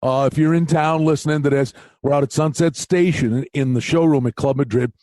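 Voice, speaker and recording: A man co-hosting a sports betting podcast in casual chat, an excitable storyteller. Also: a little high, a little fast, no room sound. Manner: excitable storyteller, animated retellings. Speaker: podcast co-host.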